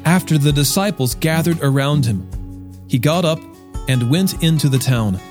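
A man reads a Bible passage aloud in a measured, expressive manner. His voice sits fairly high for a man. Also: over music. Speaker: scripture reader. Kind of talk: Bible reading.

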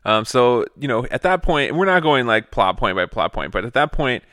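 A podcast co-host talks about a movie in animated, teasing chat, laughing often. His voice is mid-range at a normal speed, and the recording is dry with clean studio sound.

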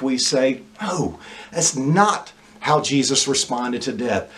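A man preaching a sermon, asking the congregation rhetorical questions and pausing for emphasis. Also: medium pitch.

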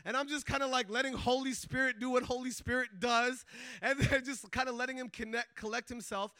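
Bright high-voiced man telling a story. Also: no echo. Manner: animated, chatty, many filler words, laughs often. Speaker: speaker sharing a faith testimony. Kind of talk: casual storytelling testimony.

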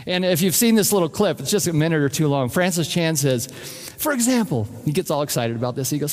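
A man's voice: on the high side, lively intonation, fast talker, darkish tone. A man preaching a sermon as pastor, emphatic and direct, repeating his key phrases to the congregation. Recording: long reverb of a large hall.

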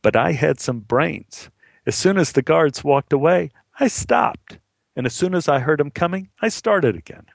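A man voicing a blunt, gruff old man who swears casually as he recalls hard times. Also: a little high, expressive, normal speed, dry recording.

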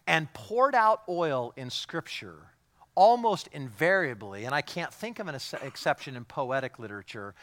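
A middle-aged man, a pastor, preaching a sermon in a lively, joking way and acting out voices of the people he talks about. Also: mid-range voice. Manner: animated, jokey, acts out quoted voices.

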